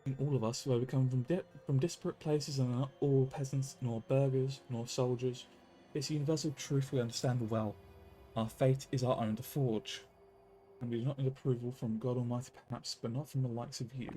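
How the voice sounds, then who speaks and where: A man's voice: medium pitch, steady tone, brisk, dark tone, faint music behind. A man streaming a story game, reading its lines aloud and commenting casually. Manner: casual, offhand.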